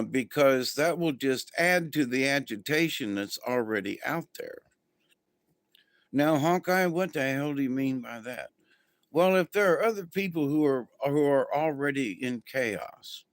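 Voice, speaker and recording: A man's voice: mid-range voice, no echo. A man hosting a casual spiritual livestream, talking to viewers in a rambling, easygoing way with many ums and restarts. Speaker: spiritual channel host.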